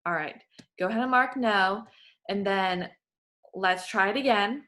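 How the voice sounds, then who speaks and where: A woman's voice: medium pitch, measured pace, a bit bright. A woman working as a voice clinician, giving patient, encouraging step-by-step instructions in a therapy session.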